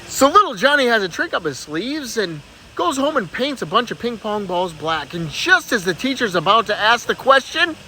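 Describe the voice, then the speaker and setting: A man with a fairly high voice that swings widely as he tells jokes to friends. His delivery is animated and casual, and he laughs along at his own punchlines. Faint noise hangs behind him. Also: moderate pace, hardly any pauses. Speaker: joke teller. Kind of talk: casual joke telling.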